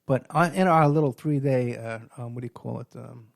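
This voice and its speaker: A man's voice: mid-range voice, a little fast, creaky, no room sound, clean studio sound. A middle-aged man, hosting a radio show and telling rambling stories with lots of fillers and restarts. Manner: storytelling with many fillers and restarts. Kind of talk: rambling monologue.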